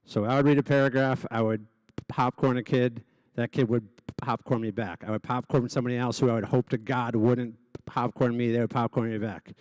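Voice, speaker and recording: Speaking as an honoree before a live gala audience, a man who stutters openly delivers a personal speech full of repeated sounds and restarts. His medium-pitched voice is fairly quick, a little mellow, and fairly even in intonation, with no echo.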